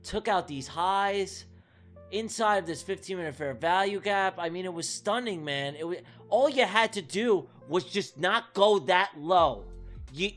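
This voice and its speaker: A man's voice: sits high, lively intonation, measured pace, a bit bright, faint music behind. A man hosting a live trading stream, venting and swearing as he talks his chat through a trade that went wrong. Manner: exasperated, venting, profane. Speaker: livestream trading host.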